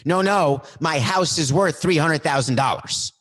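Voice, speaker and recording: A man voicing a naive male customer who insists on his house's worth, a bit higher than his usual voice. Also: unhurried, a bit bright. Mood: insistent. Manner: insistent, self-satisfied.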